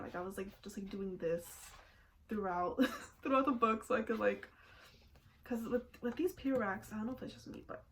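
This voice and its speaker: A woman's voice: a little high, a little hiss or hum. A young woman chatting casually at home about her reading habits, giggling often and filling her sentences with "like". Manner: chatty, giggly, many "like" fillers. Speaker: booktuber. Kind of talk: casual chat.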